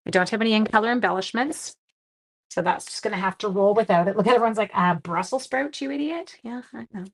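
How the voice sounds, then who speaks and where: A middle-aged Canadian woman hosts a papercraft live stream from her home craft room, chatting casually and self-deprecatingly with viewers as she works. Her voice is medium-pitched and quick-paced.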